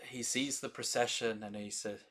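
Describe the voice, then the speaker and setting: A man narrating a tabletop game as game master, describing scenes in slow, descriptive detail. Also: mid-range voice, fairly even intonation, fairly bright tone.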